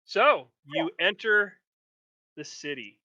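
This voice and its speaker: A man's voice: fairly high pitch, expressive, slow pace, pushed and bright, dry recording, muffled recording. A man running a tabletop game as game master, narrating loosely with many restarts. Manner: rambling, restarts, acts out figures.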